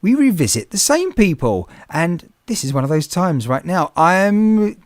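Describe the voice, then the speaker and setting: A man's voice: high-pitched, big pitch swings, moderate pace, no room sound, studio quality. A man hosting a podcast, chatty and rambling, with many restarts. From England. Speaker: podcast host. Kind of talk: casual interview chat.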